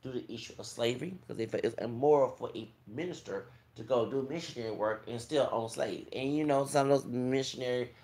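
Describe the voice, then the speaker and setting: A man's voice: medium pitch, quick pace, few pauses, a little mellow. A man from Texas with a Southern accent, a YouTuber giving an emphatic, preachy monologue that quotes scripture. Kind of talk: impassioned monologue. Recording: echoey room.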